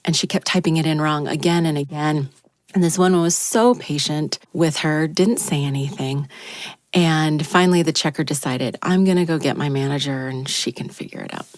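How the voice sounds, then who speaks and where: A woman with a low voice tells a personal story into a studio microphone on a talk show. The sound is dry and close, with no room around it. She acts out quoted lines, her pitch jumping up when she plays herself. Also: steady tone, normal speed, no room sound. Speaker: radio show team member. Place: radio studio.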